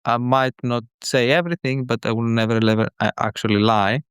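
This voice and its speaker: Earnest, halting male caller. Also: mid-range voice, fairly even intonation, clean tone, no echo, clean studio sound. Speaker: caller, father. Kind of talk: call-in show conversation.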